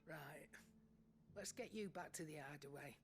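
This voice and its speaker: A woman's voice: low-pitched, normal speed, faint music behind, lightly acted. An actress playing a shrewd, vengeful older woman trader with a Scouse accent, speaking bluntly with dry humour. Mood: wry. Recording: game audio with faint ambience.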